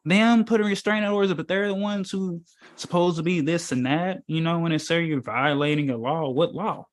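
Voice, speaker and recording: A man's voice: fairly high pitch, moderate pace. A man giving a casual, preachy talk as a spiritual teacher at an informal meetup, rambling and emphatic, with many fillers and rhetorical questions.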